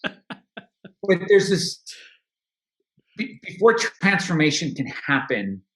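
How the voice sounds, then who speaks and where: A man's voice: high voice, very animated, slow, fairly bright tone, reverberant. A man speaking as a podcast guest, talking candidly and reflectively about his own life, often restarting and laughing. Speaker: podcast guest, money coach. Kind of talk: casual interview talk.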